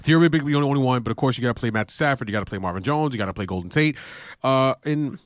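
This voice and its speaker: A man co-hosting a casual podcast, rambling quickly and repeating his picks. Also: medium pitch, no echo. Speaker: podcast co-host. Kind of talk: casual fantasy football chat.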